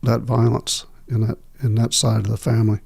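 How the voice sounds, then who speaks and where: Gravelly middle-aged man, halting. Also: mid-range voice, level tone, darkish tone. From Texas. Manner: halting, many filler pauses and restarts. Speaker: podcast guest. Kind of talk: candid interview storytelling.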